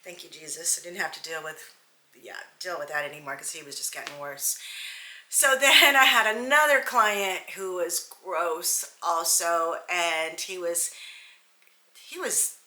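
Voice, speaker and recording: Bright-voiced woman telling candid stories. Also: fairly low pitch, measured pace. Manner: candid, animated, digressive. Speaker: hairstylist and salon owner. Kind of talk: casual storytelling vlog. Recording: roomy echo.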